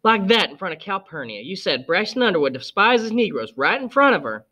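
A man's voice: high voice, sing-song, brisk, pushed and bright, dull audio, pitched above the performer's own voice, full character voice. A man voicing a prim scolding aunt. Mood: disapproving. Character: stern prim older aunt, disapproving.

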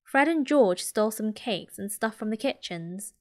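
A woman with a British accent voicing an eager, boisterous schoolboy in a soft whispered role-play. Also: high voice, lively intonation, moderate pace. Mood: excited. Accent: British English. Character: excitable schoolboy, boastful and loud.

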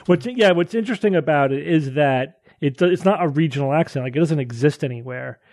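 A man's voice: on the high side, a little fast, a little mellow, dry recording. A man hosting a podcast who explains things at length and thinks aloud, then introduces and questions a guest. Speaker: podcast host. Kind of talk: casual panel chat and interview.

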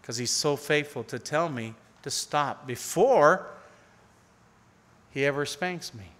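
A man's voice: on the high side, lively intonation, takes it slowly. Earnest preaching man in a reverberant hall. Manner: earnest preaching that swells to pleading and drops to near-hushed tones. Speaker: pastor. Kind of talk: sermon. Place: church sanctuary.

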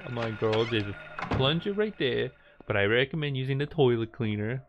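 A man streaming a game, telling a funny story in a playful, teasing, animated way. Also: medium pitch, normal speed, highs cut off. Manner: playful, animated, teasing, keeps saying "girl". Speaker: gaming streamer. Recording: steady background noise.

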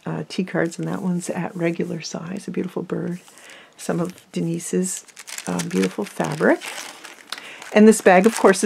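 A woman hosting a craft video, talking softly and fondly through a flip-through while losing her voice. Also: on the low side, creaky, slight background noise. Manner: soft-spoken, fond, often drops to a near whisper. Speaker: crafting channel host. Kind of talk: casual journal flip-through.

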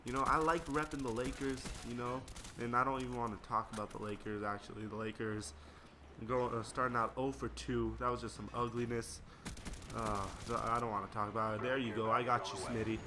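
A man's voice: mid-range voice, fairly even intonation, a little fast, noisy background. A young man rambling through casual gameplay commentary and stories, slangy and easily sidetracked. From United States. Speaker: gaming video creator.

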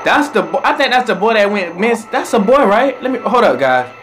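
A young man hosting a casual horror reaction video, excitable and talking straight to viewers. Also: high-pitched, brisk, background noise. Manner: excitable, talks to viewers, yelps at jump scares.

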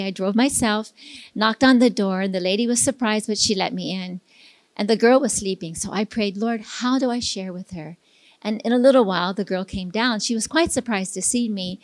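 A woman's voice: medium pitch, dry recording. A pastor's wife sharing a testimony in a church service, earnest and story-driven, acting out the dialogue she recounts.

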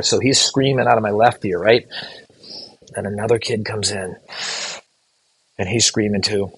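A middle-aged man, a physician assistant educator, telling a case story to students in an earnest, halting way with restarted words. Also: lowish voice, fairly even intonation, breathy edge, rough recording.

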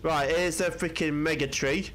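A man with commenting on a video game he is playing, excitable, jumpy and swearing often. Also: fairly high pitch, normal speed, slight background noise. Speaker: gaming channel host. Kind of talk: let's-play commentary.

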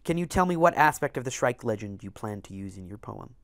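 Man voicing a soft-spoken weary old king. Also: medium pitch, animated, brisk, dry recording, studio quality, lightly acted. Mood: hushed. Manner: soft, hushed, half-whispered. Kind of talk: dramatic reading of a novel.

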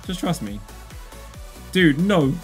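An excitable young man commentates a game pack opening, his voice swinging from high yelps down to low grumbles. His tone sits slightly high, and faint music plays underneath. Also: takes it slowly. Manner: excitable, loud outbursts and groans, addresses viewers as lads. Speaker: gaming YouTuber.

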